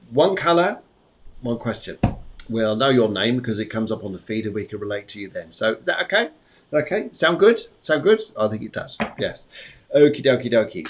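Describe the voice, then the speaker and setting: Chatty middle-aged male psychic host. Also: medium pitch. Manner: chatty and rambling, repeating phrases. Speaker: psychic medium and show host. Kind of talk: live-stream tarot readings. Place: home during a storm.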